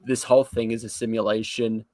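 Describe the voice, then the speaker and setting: A man's voice: fairly low pitch, level tone, fairly quick, warm tone, dry recording. Jokey man chatting on a dry mic. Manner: jokey, laughs often, rambling. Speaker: podcast co-host. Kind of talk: casual live review chat.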